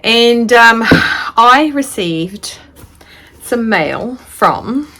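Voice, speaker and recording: A woman's voice: fairly high pitch, expressive, drawn-out words, sharp tone. A woman from New Zealand chatting casually while unboxing a parcel in a sewing vlog, rambling and easily delighted. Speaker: sewing vlogger.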